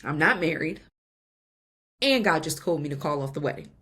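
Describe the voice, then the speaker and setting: Woman podcast host, low husky voice, earnest confessional testimony, emotional. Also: animated, normal speed, a bit bright. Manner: earnest and confessional, laughs between lines. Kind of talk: personal faith testimony.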